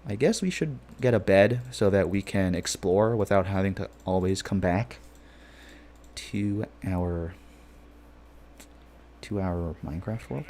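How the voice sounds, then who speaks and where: A man's voice: low voice, unhurried, long pauses, darkish tone, a little hiss or hum. Rambling, joking young streamer guy. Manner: rambling, joking, reads chat messages aloud. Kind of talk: casual game stream chat.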